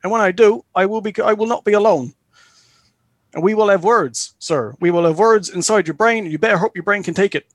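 Jackwick, a gruff, menacing adventurer, as a man puts him on, talks low and threatening with clipped, polite sign-offs. The recording is close and dry. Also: brisk, no room sound.

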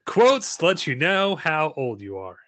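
A man's voice: fairly high pitch, very animated, unhurried, fairly bright tone, no echo. Man in his thirties, dry joking chat. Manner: joking, rambling with many restarts. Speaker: podcast co-host. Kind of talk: casual chat.

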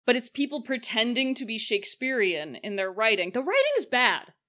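A woman talking through a film with a bright, sharp voice. Her tone is sarcastic, and she keeps slipping into mocking voices for the characters. She sounds like one half of a relaxed chat show. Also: fairly high pitch, brisk. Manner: sarcastic, acts out silly quoted voices. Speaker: podcast co-host. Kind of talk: casual chat, film review.

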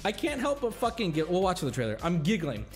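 A man's voice: quick pace, soft background music. A young adult man streamer telling a story in a casual, swearing, giggling way. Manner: animated, swears often, giggles, jumps into high-pitched shouts. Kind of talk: casual storytelling while reacting to clips.

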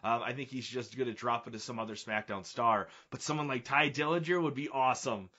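A man co-hosting a podcast in casual chat, excitable and quick to laugh. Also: medium pitch, dull audio. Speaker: podcast co-host. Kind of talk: casual wrestling review chat.

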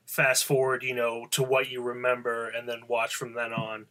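Bright-voiced Pennsylvania man co-host. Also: mid-range voice, completely flat delivery, normal speed. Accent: Southeastern Pennsylvania. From Southeastern Pennsylvania. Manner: chatty, hesitant, with many fillers and restarts. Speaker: podcast co-host. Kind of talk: casual chat.

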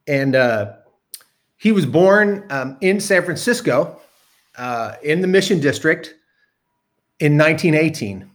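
A man's voice: on the high side, expressive, takes it slowly, long pauses. A man telling a long personal story in a casual, rambling way, with many ums, asides and the odd swear word. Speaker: storyteller guest.

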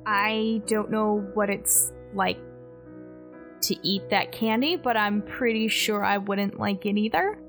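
A woman's voice: medium pitch, takes it slowly, soft background music, pitched below the performer's own voice. A woman voicing her character, a devoted girlfriend who comforts and jokes dryly. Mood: tender. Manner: soft, reassuring, wry.

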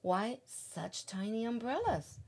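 Gracious, curious king in a read-aloud picture book, unhurried, voiced by a woman. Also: fairly high pitch, sing-song, vocal fry, husky, exaggerated voice. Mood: kindly. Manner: gentle, slow storybook reading.

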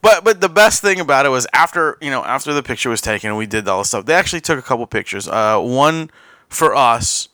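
Spinning a long, casual tale with frequent restarts, a male podcast host laughs and drops in quoted asides along the way. He speaks in a mid-range voice that's expressive, brisk, and sharp, recorded without room sound.

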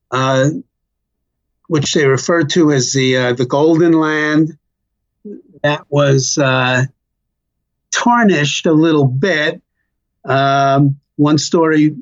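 An older man slowly recalling his family's story as an interview guest, pausing often with fillers. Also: fairly high pitch, highs cut off. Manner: slow, halting, many fillers. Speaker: interview guest, child of survivors. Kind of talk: reflective personal storytelling.

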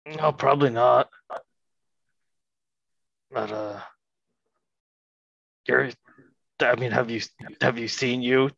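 Slow gravelly man playing a tabletop game. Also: mid-range voice, fairly even intonation, a bit bright, no echo, highs cut off. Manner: hesitant, joking, halting. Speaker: player. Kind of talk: casual tabletop role-play.

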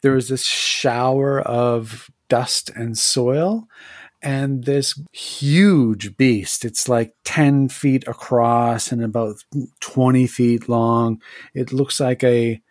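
Male game master, unhurried, dry close sound, describes scenes with plenty of restarts. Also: medium pitch, steady tone, dry recording. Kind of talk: narrating a tabletop game.

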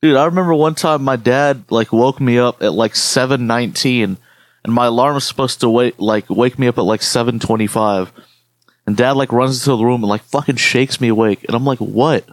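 A man co-hosting a podcast tells rambling stories in casual chat, swearing a lot. His mid-range voice runs a little fast, with no room sound.

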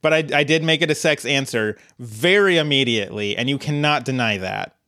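A man's voice: medium pitch, expressive, brisk, sharp tone, no room sound, studio quality. A man co-hosting a podcast in casual chat, joking around and riffing through quoted bits. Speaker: podcast co-host.

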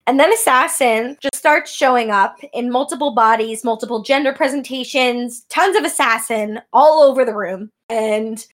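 High-voiced animated woman podcaster. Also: moderate pace, hardly any pauses. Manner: animated, laughs often, swears casually. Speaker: podcast co-host. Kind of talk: casual chat recapping an anime.

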